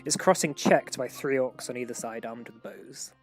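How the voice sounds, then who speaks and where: Rambling male game master, relaxed narration. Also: medium pitch, moderate pace, soft background music. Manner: relaxed, rambling narration with many ums and likes.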